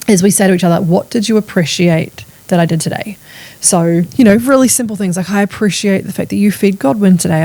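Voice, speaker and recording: A chatty woman in her thirties, riffing fast and animated on her own podcast and swearing casually. Her voice sits at an ordinary middle pitch. The recording is dry and close, with no room sound around her. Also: gravelly, no room sound. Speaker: podcast host. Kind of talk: casual solo podcast monologue.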